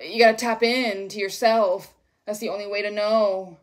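A woman giving a casual tarot reading, rambling and expressive and swearing freely. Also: mid-range voice, normal speed. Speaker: tarot reader.

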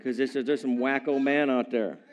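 A man preaching a sermon to a live congregation, retelling a story in a playful, animated way with chuckling asides. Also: medium pitch, fairly quick. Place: church service with a live congregation.

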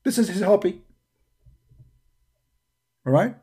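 Sarcastic mellow-voiced man taunting. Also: high voice, animated, slow pace, breathy edge. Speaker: online debater. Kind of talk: mocking stream monologue.

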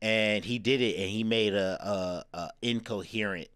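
A man's voice: lowish voice, normal speed, fairly bright tone, clear, resonant tone, dry recording, clean studio sound. A man co-hosting a podcast, talking casually and explaining a story at length with lots of fillers. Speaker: podcast co-host. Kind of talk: casual chat.

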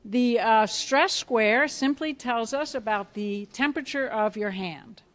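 A middle-aged woman, a biofeedback clinician, giving a lively hands-on workshop, asking the audience questions and acting out reactions. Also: on the high side, unhurried. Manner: animated, asks the audience questions, acts out reactions. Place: conference room with a live audience.

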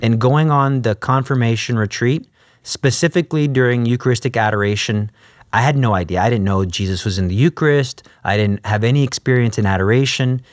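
Animated man telling his faith story. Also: mid-range voice, a little fast, no room sound, studio quality. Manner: animated storyteller acting out his own past dialogue. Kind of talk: conversational testimony.

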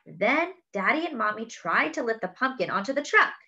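A woman reading a picture book aloud to children, expressive and exclaiming over the pictures. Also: fairly high pitch, moderate pace, lo-fi sound. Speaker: children's story reader. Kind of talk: read-aloud storytelling.

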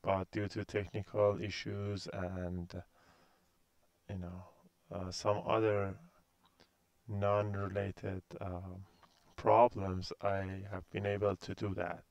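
A man's voice: sits low, level tone, slow pace, gravelly, darkish tone, smooth, dry recording, dull audio. A man in his thirties from Iran with a Persian accent, a university instructor giving a recorded course introduction, hesitant and full of fillers.

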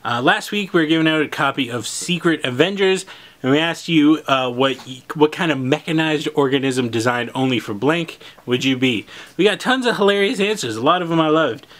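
A man's voice: on the high side, animated, a little fast, fairly bright tone. A man hosting a video's prize segment, presenting in an upbeat, playful casual chat.

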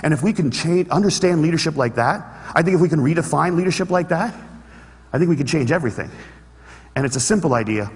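A man's voice: a little high, animated, fast talker. A man giving an earnest inspirational talk on stage, telling a story with humorous asides. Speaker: speaker. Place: large hall with an audience. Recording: reverberant hall.

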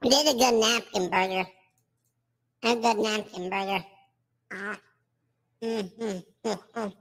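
A man's voice: sits high, slow, creaky, a bit bright, pitched above the performer's own voice, heavily acted. A man talking through a voice filter as a brash, slangy streetwise eater, hyping up his food during a mukbang stream. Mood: eating. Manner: swaggering, slangy hype talk while eating.

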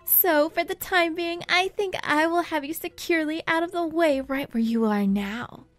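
A woman voicing a creepy, scheming male villain boss from a game, with a drawn-out, gloating, menacing delivery. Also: very high-pitched, no echo, faint music behind, voice pushed up.

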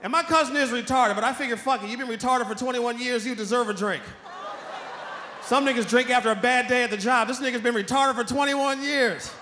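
A man from Washington, D.C., doing stand-up comedy, profane and animated, often shouting. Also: very high-pitched, a little fast, slight background noise. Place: comedy stage. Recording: echoey hall, live stage.

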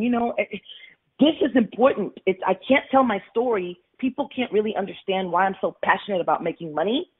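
A woman's voice: on the low side, breathy edge. A woman guest on a radio interview, telling her personal story candidly and emphatically, with tumbling restarts, over a phone line. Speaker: guest, money coach.

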